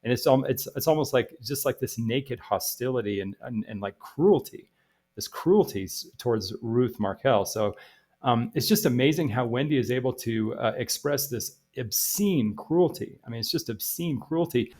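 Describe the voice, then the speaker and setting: Man, commentator, halting delivery, lots of restarts, middle pitch. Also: darkish tone. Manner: repetitive, halting, many restarts and fillers. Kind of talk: rambling commentary.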